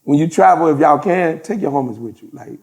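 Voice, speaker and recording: A man, a podcast guest telling profane, animated stories and laughing through them. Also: a little high, a little fast, creaky. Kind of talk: casual storytelling in an interview.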